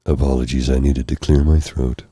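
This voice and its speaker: Tired, hoarse male ASMR host; extremely deep, dark, gravelly voice; soft, rambling, apologetic delivery. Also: level tone, normal speed, no echo. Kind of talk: soft-spoken ASMR live stream. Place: candlelit room at home. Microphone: close mic for ear-to-ear speaking.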